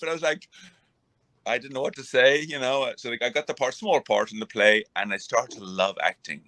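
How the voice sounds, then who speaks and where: Bright-voiced man rambling. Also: medium pitch, brisk, dry recording. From Ireland. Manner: rambling, many restarts and fillers. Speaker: guest, retired boxer. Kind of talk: casual interview conversation.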